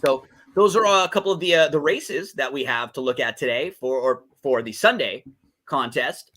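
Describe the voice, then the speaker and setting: A man of medium pitch and normal speed, his tone a bit bright, co-hosts a podcast from its setup. He talks casually about race and game picks, often using fillers and restarting sentences.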